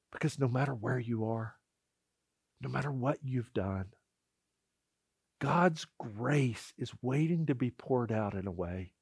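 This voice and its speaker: A man preaching a sermon and telling a story dramatically, dropping to a hush and rising to loud cries. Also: a little high, no room sound, studio quality. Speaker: pastor.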